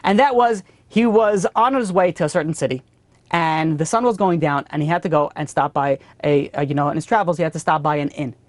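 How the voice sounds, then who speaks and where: A man's voice: fairly high pitch, a little fast, no echo. A man teaching a class as a rabbi, telling stories animatedly and often repeating and restarting his phrases. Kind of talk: storytelling Torah lesson.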